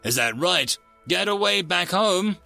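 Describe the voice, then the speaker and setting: A laid-back male porpoise alien, voiced by a man narrating a storybook, talks in a thick Brooklyn accent. His voice sits high and bounces around a lot, and he tosses off every line with a breezy wisecrack. The tone is bright, with a hint of music underneath. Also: animated, a little slow, gravelly, heavily acted.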